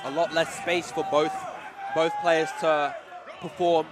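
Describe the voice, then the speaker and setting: A man commentating live on a fighting-game match, excitable and bursting into shouts at big plays. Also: a little high, measured pace, heavy background noise. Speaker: esports commentator. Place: tournament venue with crowd and music. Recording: loud crowd and event music behind.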